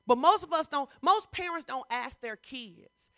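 Bright-voiced woman pastor preaching. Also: sits high, lively intonation, a little slow, no echo. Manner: conversational, full of rhetorical questions; emphatic, rising to loud bursts. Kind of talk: sermon.

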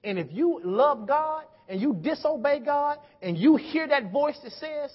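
Hall-echoing preacher man, lively swings. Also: very high voice, moderate pace, hardly any pauses, slightly rough. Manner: storytelling preacher, call-and-response, swings from hushed to loud. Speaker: pastor. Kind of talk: sermon. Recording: dull sound with long hall reverb.

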